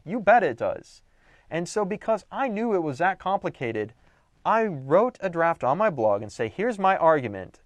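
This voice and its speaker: Lively man teaching a writing lesson. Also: on the high side, no room sound, clean studio sound. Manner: animated, emphatic teaching with playful exaggeration. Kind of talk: recorded lecture on writing.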